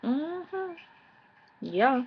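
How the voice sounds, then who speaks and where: A woman's voice: sits high, big pitch swings, extremely slow, muffled recording, slight background noise. A woman around thirty telling a personal story to camera in casual slang, acting out the quoted dialogue. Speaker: vlogger.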